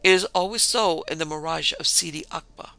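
A man reading an audiobook, voicing a calm, mysterious male desert guide with measured, curt speech. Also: a little high, gravelly, dry recording. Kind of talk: audiobook character voice.

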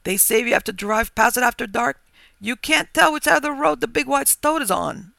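A man voicing an excitable, superstitious rural farmer who talks in a rustic dialect and quavers as he gets worked up. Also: high-pitched, normal speed, gravelly, no echo, heavily acted. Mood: excited.

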